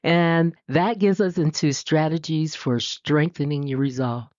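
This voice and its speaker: Animated woman preaching a chatty sermon. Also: measured pace, no echo. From US West Coast. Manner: animated, puts on high voices for quotes, laughs often. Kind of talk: conversational sermon. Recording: dull, dry lo-fi recording.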